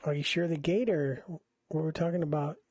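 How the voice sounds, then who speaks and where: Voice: medium pitch, fairly even intonation, normal speed, darkish tone, dry recording. Blunt, contrarian podcast co-host. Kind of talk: casual chat.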